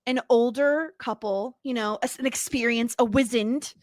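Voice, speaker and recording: A woman co-hosts a podcast, chatting casually and gushing with enthusiasm. Her voice is on the high side with a darkish tone, and she talks at a moderate pace. The studio-quality recording has no room sound.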